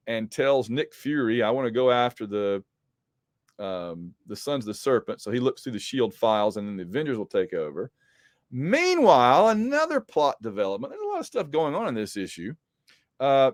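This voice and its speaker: A man's voice: medium pitch, dry recording. Rambling man recapping comics, dry sound. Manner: rambling, with frequent ums and restarts. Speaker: comic book podcast host.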